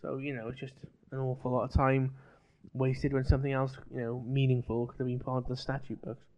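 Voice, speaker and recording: A man talks through his opinions in a measured, rambling way during a casual podcast chat. His voice sits in a middle pitch, and the audio is dull and lo-fi. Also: monotone, a little mellow. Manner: measured, builds arguments with many you-knows.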